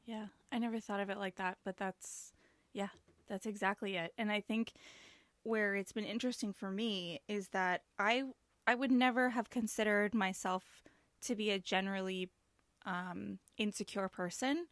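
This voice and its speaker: A woman hosting a podcast interview, reflective and thinking aloud with pauses. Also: medium pitch, steady tone, fairly bright tone, no room sound. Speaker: podcast host. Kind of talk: casual conversational interview.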